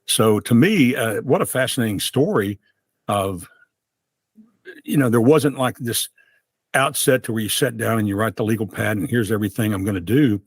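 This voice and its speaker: A man hosting an interview podcast, speaking in a slow, reflective and encouraging way. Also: lowish voice, slightly rough, dry recording, clean studio sound. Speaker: podcast host. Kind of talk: casual interview chat.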